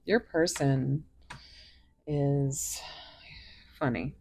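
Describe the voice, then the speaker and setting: A woman doing a pick-a-card tarot reading, talking in a soft, musing way that drifts into whispers. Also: extremely low pitch, extremely slow, creaky, slight background noise. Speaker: tarot reader.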